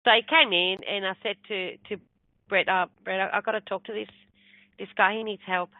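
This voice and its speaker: A middle-aged woman, a spiritual medium appearing as a guest, rambles through a personal story in a chatty storytelling interview, imitating the voices of the people she quotes. Her medium-pitched voice is fairly quick with fairly even intonation. The audio is thin and tinny like a phone line, dry and close with no echo or room sound.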